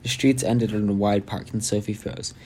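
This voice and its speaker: A man's voice: fairly low pitch, steady tone, moderate pace, a little mellow, slight background noise. A man reading a novel chapter aloud, stumbling and restarting lines and adding his own asides. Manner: reads with frequent slips and restarts, adds asides. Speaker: audiobook reader. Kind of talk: amateur audiobook reading.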